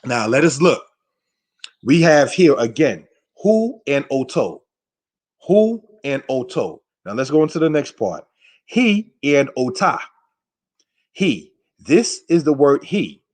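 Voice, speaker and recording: A man from the United States teaching a live online Hebrew class, conversational and calling listeners brothers and sisters, slowing down to stress key words. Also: mid-range voice, big pitch swings, a little mellow.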